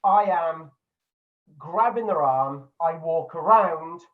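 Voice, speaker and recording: Animated, swearing man on a lo-fi mic. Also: fairly high pitch, takes it slowly, far from the mic. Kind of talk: casual podcast chat.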